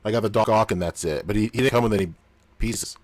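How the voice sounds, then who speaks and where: A podcast co-host with a low voice, unusually deep on this mic, chats casually and fast. His delivery is loose and profane, broken up by frequent laughter. The sound is dry and close, with no echo or room around it.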